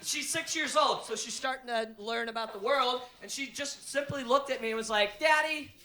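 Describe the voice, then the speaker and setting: A man doing a loud, profane stand-up comedy set, telling brash stories. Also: very high voice, moderate pace, slight background noise. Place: live comedy venue. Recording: echoey live room from far off. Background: audience laughter.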